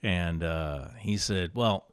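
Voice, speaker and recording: A man with a stuffy nose, a podcast guest in casual conversation, telling animated anecdotes with big swings in his voice. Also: lowish voice, normal speed, no room sound, studio quality.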